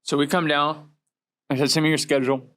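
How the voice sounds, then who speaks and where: A man with a slightly high voice and a brisk delivery hosts a podcast, telling stories in a casual chat. He's an animated storyteller who acts out the voices of the people he quotes.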